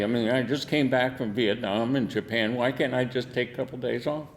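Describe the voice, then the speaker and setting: A man's voice: mid-range voice, steady tone, moderate pace, in a large hall, slight background noise. An older man, a veteran, telling war stories in an oral history interview, salty and laughing, acting out the quotes. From United States.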